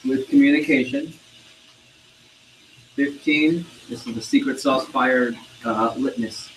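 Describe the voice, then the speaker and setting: A man's voice: medium pitch, steady tone, takes it slowly, a little hiss or hum, low-quality recording. A man leading a live sales training session, energetically quizzing the trainees in the room.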